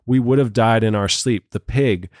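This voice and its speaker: A man voicing a sleepy rural male farmer who tells a long tale in a hushed, folksy drawl, with little patience left for his visitor. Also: fairly low pitch, normal speed, no echo, clean studio sound, lightly acted. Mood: storytelling. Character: sleepy, patient older male farmer, growing short-tempered.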